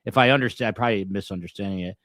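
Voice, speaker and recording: A man hosting a podcast in casual chat, talking in halting, rambling bursts with many restarts. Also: lowish voice, a bit bright, no room sound, clean studio sound. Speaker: podcast host.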